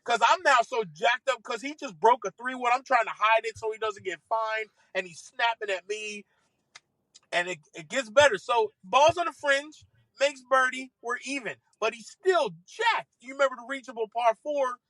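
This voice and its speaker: A golf caddie spins lively stories on a podcast, laughing and swearing casually as he goes. His high, bright voice carries the tale. The sound is close and dry, with no room echo. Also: normal speed. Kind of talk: animated anecdote storytelling. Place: podcast studio.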